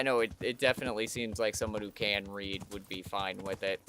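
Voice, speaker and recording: Slow-talking man streaming a game. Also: lowish voice, fairly bright tone, a little hiss or hum. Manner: chatty, talks to the game character and himself, self-mocking. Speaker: streamer playing a video game. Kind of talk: casual let's-play commentary.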